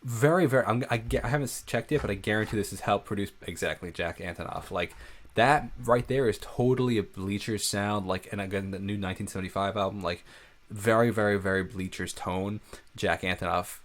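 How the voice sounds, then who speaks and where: A man's voice: fairly low pitch, a little fast. A young man who is a musician, giving casual reaction commentary on a song and breaking down its production, with many "like" fillers. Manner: analytical, with frequent "like" fillers.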